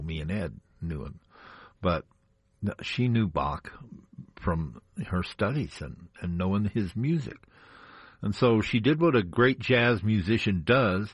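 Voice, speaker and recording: A man with a very deep, slightly breathy voice hosts a jazz radio show. He talks easily and chattily between records, tossing in little jokes. The studio sound is close and dry. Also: dry recording. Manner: relaxed, chatty, joking asides. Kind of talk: casual on-air chat. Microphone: studio microphone.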